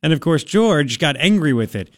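Lively, animated male radio host. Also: fairly high pitch, moderate pace, dry recording. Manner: animated, laughing, mocking voices. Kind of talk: casual talk radio banter.

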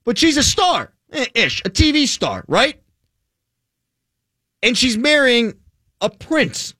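An American man hosting a show, chatting in an animated, opinionated way. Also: very high-pitched, takes it slowly, dry recording, clean studio sound. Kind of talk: casual talk-show chat.

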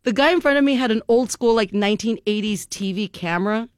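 A man's voice: high voice, quick pace, clean tone, dry recording, studio quality. A man, a comedian guest, chatting casually in a radio interview, rambling with lots of "like"s and frequent laughter. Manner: rambling, animated, laughs often, many "like"s.

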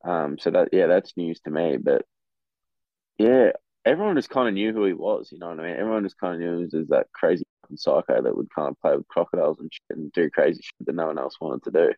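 Low-pitched, animated, and fast, a young Australian man chats as a guest athlete on a podcast, with no room sound. His relaxed, candid talk comes through a dry, tinny, phone-like line.

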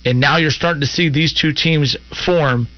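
A man's voice: fairly high pitch, moderate pace. Opinionated male sports radio host. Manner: opinionated, argumentative, rambling. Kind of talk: call-in sports radio talk. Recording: lo-fi radio broadcast.

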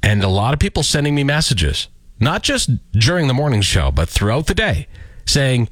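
A man's voice: mid-range voice, big pitch swings, normal speed, no echo, studio quality. A male radio morning show host doing a mock-indignant, emphatic comic rant. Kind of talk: ranting comic radio segment.

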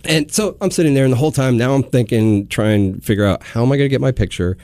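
A man telling a long personal story in casual chat, animated, with frequent restarts. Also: medium pitch, fast, dry recording, clean studio sound. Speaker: guest.

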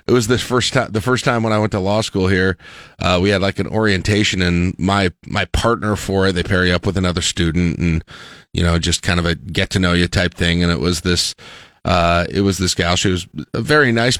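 A man's voice: low-pitched, fairly bright tone, no echo, studio quality. A man hosting a casual talk show, telling stories in a rambling way with many restarts. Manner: rambling, self-interrupting storyteller with frequent restarts. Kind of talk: casual chat.

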